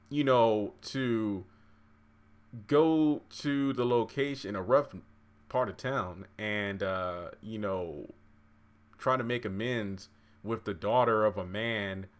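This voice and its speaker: A man giving a casual, rambling recap of a TV episode, chatty and full of fillers and side stories. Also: lowish voice. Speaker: TV recap vlogger.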